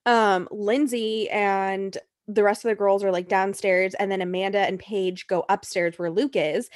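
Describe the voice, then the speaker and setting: A woman's voice: mid-range voice, measured pace, no room sound, clean studio sound. Blunt, profane young woman. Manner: blunt, profane, animated retelling. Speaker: podcast co-host. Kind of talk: casual chat recapping a reality show.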